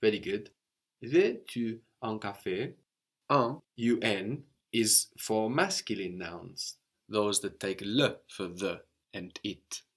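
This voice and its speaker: Man, language teacher, lowish voice, patient, explains step by step, checks in with "no?". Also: animated, takes it slowly, fairly bright tone. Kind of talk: guided language lesson.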